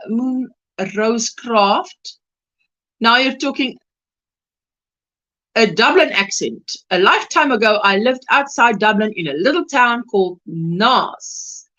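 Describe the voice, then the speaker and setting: A South African woman hosts a casual crochet livestream, her fairly high voice rising and falling in lively swings. She chats along easily, reading out viewers' comments and greeting each person by name. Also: highs cut off. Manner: chatty, reads viewer comments aloud and greets them warmly by name.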